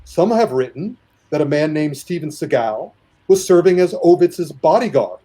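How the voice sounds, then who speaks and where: A man reads from his notes in an even, storytelling manner. His voice is warm and mellow, and it sits a little above the usual male range. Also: a little high, moderate pace. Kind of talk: reading notes aloud.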